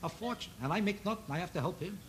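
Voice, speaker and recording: Man, stand-up comic, rapid-fire, needling rhetorical questions, old TV broadcast with heavy hiss. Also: high-pitched, animated. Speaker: stand-up comedian. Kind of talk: stand-up routine on a TV variety show. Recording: loud noise on an old TV broadcast recording.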